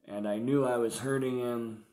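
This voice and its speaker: A man's voice: medium pitch, fairly even intonation, moderate pace, warm tone. A man vlogging about his past addiction in casual, slangy, profane storytelling. He comes across as confessional. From San Diego area. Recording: roomy echo.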